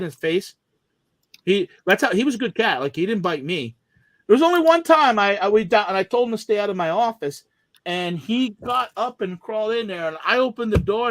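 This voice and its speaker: A man's voice: high-pitched, a bit bright, dry recording. A man telling a long, rambling story in casual chat, with many restarts and trailing asides.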